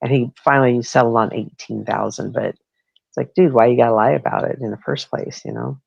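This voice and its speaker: A woman's voice: extremely low pitch, brisk, vocal fry, breathy edge, no echo, muffled recording. A woman hosting a livestream, chatting in a gossipy, profane way. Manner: gossipy, profane, animated retelling. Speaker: streamer host. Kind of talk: casual livestream chat.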